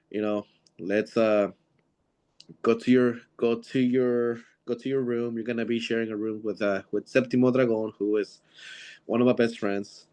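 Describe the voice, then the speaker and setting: A man's voice: medium pitch, flat delivery, moderate pace, darkish tone. A man from Seattle, a professional wrestler guest, telling rambling anecdotes in a casual interview and acting out quoted dialogue with lots of fillers. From Seattle, USA.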